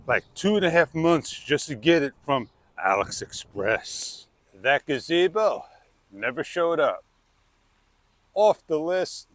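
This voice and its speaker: Animated high-voiced man rambling slowly. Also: dry recording. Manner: rambling, exclamatory, keeps saying "man". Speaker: vlogger. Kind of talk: casual rambling vlog talk. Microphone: wireless clip-on mic.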